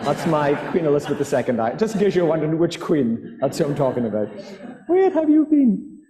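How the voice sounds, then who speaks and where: A man's voice: fairly high pitch, expressive, fast, warm tone. A man from the Outer Hebrides with a Scottish accent, telling stories to a live festival audience, hesitant with fillers and restarts. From Outer Hebrides, Scotland. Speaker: author and guest speaker. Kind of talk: storytelling talk to a live audience. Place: festival hall. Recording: reverberant hall on live mic.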